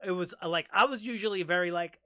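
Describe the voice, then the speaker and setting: A young man hosting a casual chat, telling a long story in an animated way and swearing freely. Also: high voice, quick pace, background noise. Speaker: podcast host.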